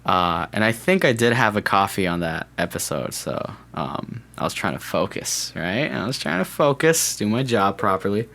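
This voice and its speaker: Young male podcast host, lowish voice, loose rambling solo chat with self-corrections and jokes. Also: lively intonation, normal speed, few pauses, pushed and bright, slight background noise. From California.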